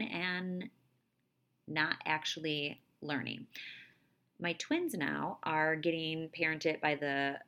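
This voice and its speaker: A woman in her thirties hosts a personal podcast in a low, grounded voice. She talks earnestly and confidingly, as if to a close friend. On the points that matter most she slows down and softens. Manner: earnest, confiding, with soft slowed emphasis. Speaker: podcast host. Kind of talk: personal reflective monologue.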